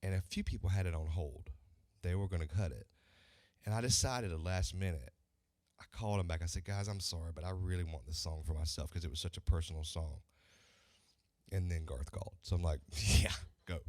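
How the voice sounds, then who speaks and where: A man's voice: sits low, brisk, a little mellow, no room sound. A man, a country singer, telling stories in a casual interview and acting out the voices he quotes.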